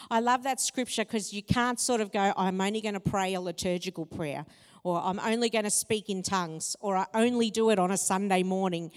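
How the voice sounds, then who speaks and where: A woman preaching a sermon, telling personal stories in a lively, expressive way that climbs in pitch when excited. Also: normal speed. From Italian heritage. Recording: long hall reverb.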